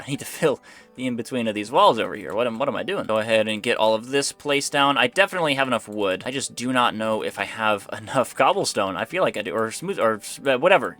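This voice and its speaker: A man's voice: medium pitch, pushed and bright. A young man giving casual, rambling commentary to himself while playing a building game. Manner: rambling, self-talking, easily startled. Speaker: gaming YouTuber. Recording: faint background music.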